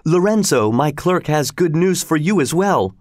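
A sly, clever young noblewoman speaks from a read-aloud storybook, as a male narrator puts her on. The voice sits noticeably higher than his own and is recorded dry and close. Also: animated, moderate pace, darkish tone, no room sound, lightly acted. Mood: teasing.

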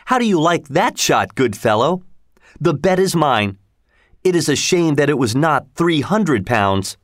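A man's voice: a little high, animated, moderate pace, dry recording, studio quality, pitched above the performer's own voice, close to an everyday voice. A man voicing a bold, boastful young male archer in a storybook reading, proud and challenging.

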